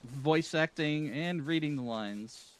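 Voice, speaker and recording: A man's voice: a little high, slow pace. A man streaming a game, reacting with incredulous, laughing comments as he plays. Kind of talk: casual gaming stream commentary.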